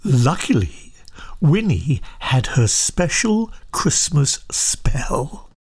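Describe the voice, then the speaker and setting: Slow, husky storybook reader. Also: medium pitch, big pitch swings. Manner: soft, often half-whispered, gentle storytelling. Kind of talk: reading a children's picture book aloud.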